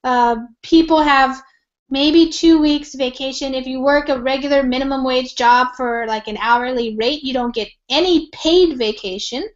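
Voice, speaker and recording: A woman's voice: high-pitched, moderate pace. An American woman teaching an online English reading lesson, explaining words patiently with lots of fillers and examples. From United States. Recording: dull lo-fi call audio.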